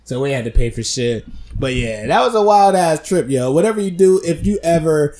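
A man telling a profane, animated story in casual chat, laughing along as he goes. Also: on the high side, fairly quick.

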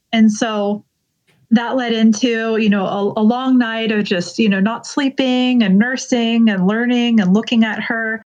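Interview guest, woman, higher voice, emotional and earnest storytelling, muffled lo-fi audio. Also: steady tone, darkish tone. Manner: earnest, emotional retelling, quick bursts. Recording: dull lo-fi sound.

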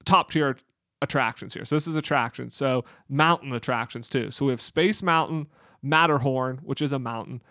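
A man's voice: medium pitch, normal speed, sharp tone, no echo, studio quality. A man co-hosting a podcast in casual chat, explaining at length with plenty of fillers and restarts. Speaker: podcast co-host.

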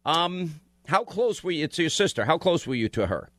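A man's voice: fairly high pitch, sing-song, normal speed, a bit bright, no room sound. A man hosting a call-in radio show, joking and folksy while giving callers advice. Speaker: radio talk show host. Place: radio studio.

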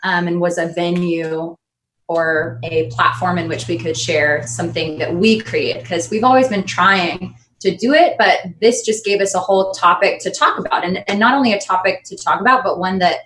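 A woman's voice: lowish voice, normal speed, fairly bright tone, a little hiss or hum, poor audio. A woman guest in a casual interview, enthusiastic and talking in long run-on sentences. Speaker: guest, Las Vegas performer.

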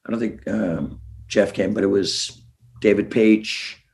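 A man's voice: fairly low pitch, a little slow, a little mellow. A man, a musician guest, telling stories in a rambling way with many restarts and chuckles. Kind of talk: casual interview storytelling.

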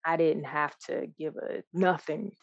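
Low-voiced woman, earnest and reflective. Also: fairly even intonation, a little slow, no echo, muffled recording. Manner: reflective, earnest, with frequent restarts and soft laughs. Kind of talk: candid personal conversation.

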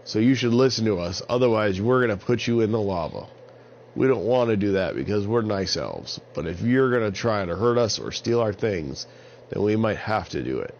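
A man's voice: lowish voice, expressive, normal speed, darkish tone. A man voicing a nice but firm elf who warns intruders in a slightly raised voice. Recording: slightly dull lo-fi sound with faint hiss.

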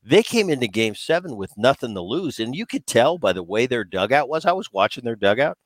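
A man's voice: medium pitch, very animated, fairly quick, dry recording. A man co-hosting a baseball podcast, a former player who talks in a casual, emphatic way and often repeats himself as he restarts. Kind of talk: casual sports talk.

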